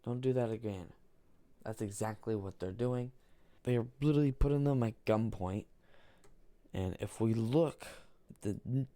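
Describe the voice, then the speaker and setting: A man's voice: mid-range voice, dark tone, no echo. A man casually narrating an alternate history on a map, repeating himself and restarting sentences. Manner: repetitive, restarts, halting.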